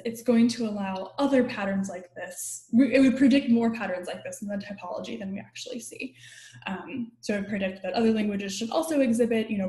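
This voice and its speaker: A woman's voice: medium pitch, a little mellow. Woman lecturing in a roomy echo. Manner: explanatory, frequent ums and hedging like. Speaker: guest lecturer. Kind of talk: academic linguistics talk.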